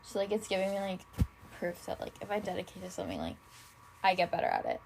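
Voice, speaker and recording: A woman's voice: lowish voice, huge pitch swings, fast talker, creaky, noisy background. A tired young woman hosting a casual solo podcast, rambling and swearing freely, saying "like" constantly and gushing in a self-admittedly dramatic way. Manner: rambling, fills nearly every phrase with "like", swears freely. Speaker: podcast host.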